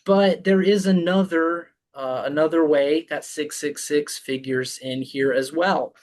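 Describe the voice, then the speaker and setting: A man presenting a Bible study, speaking slowly and deliberately, with frequent ums and restarts. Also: fairly high pitch, steady tone, a little mellow. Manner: halting, with many ums and restarts.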